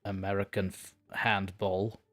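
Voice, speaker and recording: A man's voice: low-pitched, flat delivery, unhurried, a bit bright, soft background music. A man from Europe chatting as a podcast guest, joking and hedging his claims. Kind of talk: casual chat.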